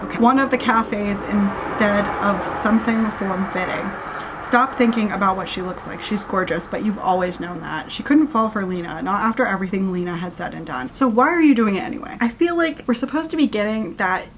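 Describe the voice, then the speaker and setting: Girl ranting about a romance novel, snarky asides, mid pitch, bit of background noise. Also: brisk. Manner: sarcastic, exasperated asides while summarizing. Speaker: book reviewer. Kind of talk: ranting book review, reading passages aloud.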